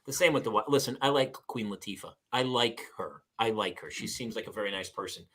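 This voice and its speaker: Guy hosting a chatty podcast, bright voice, pitch jumps all over as he acts out little scenes. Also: a little fast. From California. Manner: animated storyteller, acts out other people's lines. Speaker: podcast host. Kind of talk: casual chat.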